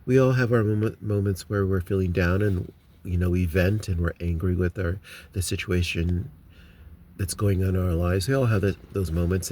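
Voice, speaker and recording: A man with a lowish voice chats openly to his viewers from inside his car, wandering through his thoughts with frequent ums and false starts. A faint hum of ambient noise sits under the phone recording. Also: darkish tone. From United States. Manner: rambling, with many ums and restarts. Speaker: vlogger. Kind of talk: casual chat to viewers.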